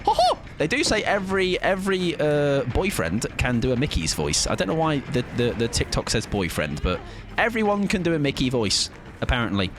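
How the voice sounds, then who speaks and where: A man talks casually while streaming a game, joking and swearing freely. His pitch swings widely from low to high. A steady background hiss is audible. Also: moderate pace. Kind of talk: casual gaming stream chat.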